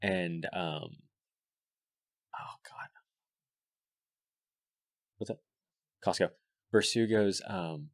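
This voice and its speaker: A young man chatting as a podcast guest, telling animated, swear-laden stories full of "like" and "dude". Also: sits low, takes it slowly, gravelly, long pauses, no echo, clean studio sound. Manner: animated storyteller, swears freely, fillers like "like" and "dude". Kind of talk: casual podcast chat.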